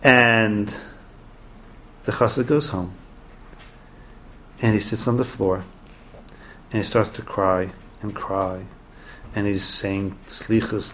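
Gravelly man teaching a Torah class. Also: on the low side, takes it slowly, pauses often, slight background noise. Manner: animated, conversational storytelling with restarts.

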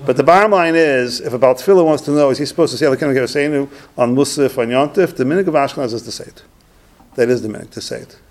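A man's voice: mid-range voice, racing. A man teaching a religious text lesson, reading Hebrew phrases and then translating and explaining them in English, repeating points for emphasis. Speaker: Torah teacher. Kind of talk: Talmudic-style text study lesson.

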